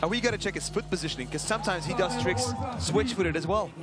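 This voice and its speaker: A man co-commentating live sport, chiming in with quick explanations. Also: high voice, animated, loud music behind the voice.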